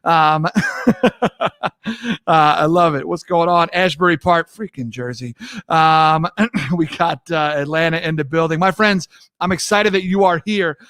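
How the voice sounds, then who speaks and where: A young man hosting a livestream talk show from his home mic, energetic and hypey, greeting viewers by name and riffing casually. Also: a little high, a little slow, pauses often, clear, resonant tone, dry recording, clean studio sound. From New York. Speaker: host.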